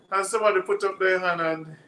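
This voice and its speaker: A man's voice: sits high, bright, forceful tone, a little hiss or hum, low-quality recording. A man with a Jamaican accent hosting a live stream, reading viewer comments aloud, laughing often and quizzing his viewers like a teacher. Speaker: livestream host.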